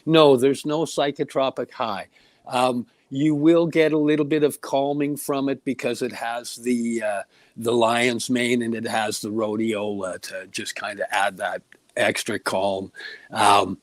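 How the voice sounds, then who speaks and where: A man of middle pitch talks his way through stories on a talk show, filling pauses with "uh" and "um" as he goes. His voice sits dry and close, with no room around it. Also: little pitch movement, no echo. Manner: rambling storyteller with many fillers. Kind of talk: casual talk-show chat.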